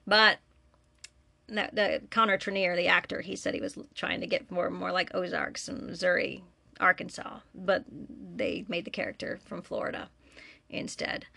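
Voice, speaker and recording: A woman's voice: on the low side, fairly even intonation, moderate pace, creaky, pushed and bright, dry recording. A woman hosting her own podcast alone in a room, chatting casually and laughing at herself. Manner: chatty, self-deprecating, laughs often. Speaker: podcast host and story reader. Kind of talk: casual solo podcast chat.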